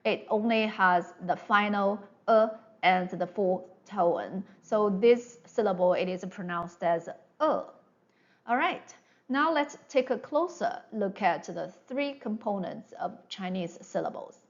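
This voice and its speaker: Slow, patient woman teaching pronunciation. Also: medium pitch, expressive, dull audio. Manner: patient, explanatory, drills sounds one by one. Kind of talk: online language lesson.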